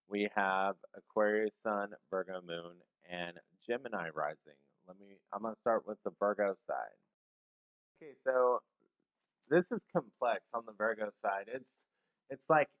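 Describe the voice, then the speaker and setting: Guy doing a chatty tarot reading, lowish voice, lots of ums, gets emotional. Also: highs cut off. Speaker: tarot reader. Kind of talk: casual tarot reading to camera.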